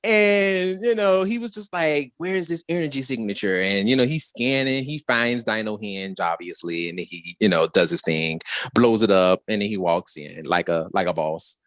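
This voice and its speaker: Brief: lively, expressive co-host who acts out scenes and laughs a lot; dry, close sound. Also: deep voice, moderate pace, dry recording. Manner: animated, acts out characters' reactions, laughs often. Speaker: podcast co-host. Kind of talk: casual review chat.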